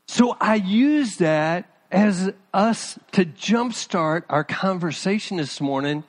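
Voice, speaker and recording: A man's voice: high-pitched, expressive, slow pace. A middle-aged man, a pastor, preaching a conversational sermon and talking to his congregation by name.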